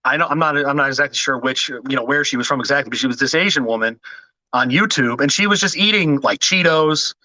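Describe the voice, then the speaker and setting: A man talking as a podcast guest in casual chat, hesitant with many restarts and quick to laugh. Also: medium pitch, bright, forceful tone, dry recording, poor audio.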